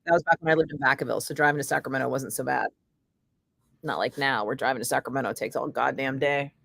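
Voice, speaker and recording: A woman's voice: very deep voice, fast talker, vocal fry, a bit bright, no room sound. Blunt, foul-mouthed woman host. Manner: profane, blunt and sarcastic. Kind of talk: casual chat.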